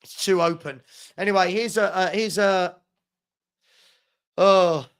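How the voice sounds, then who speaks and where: Here a watchalong host speaks slowly in a smooth, slightly bright voice that sits high. He gives one-sided live commentary to fans and gets exasperated whenever his side slips up.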